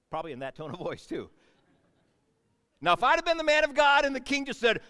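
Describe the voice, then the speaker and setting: A man's voice: high voice, very animated, a little fast, sharp tone, big-room sound. A man preaching a sermon, retelling a scripture story in a conversational, folksy way with playful asides.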